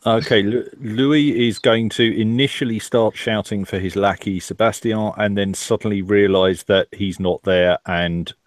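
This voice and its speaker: Male player, very deep voice, halting speech. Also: fairly even intonation, no room sound. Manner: halting, stammering. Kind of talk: casual chat at a tabletop game.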